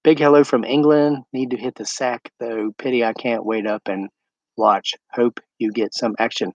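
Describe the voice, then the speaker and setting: A rambling American man chats with viewers on a night-time livestream from his homestead. His voice sits at an everyday middle pitch and comes through dry and a little dull, with no room around it. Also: steady tone, moderate pace, no room sound. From United States. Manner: chatty, rambling, talks to live viewers. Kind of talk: casual livestream chat. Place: outdoors at night by his woods.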